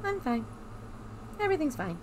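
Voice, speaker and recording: A woman's voice: sits high, sing-song, normal speed, background noise. A woman playing a horror game and talking through her nerves, repeating to herself that everything is fine and swearing often. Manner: nervous self-reassuring chatter, swearing. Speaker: gamer. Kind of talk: let's play commentary.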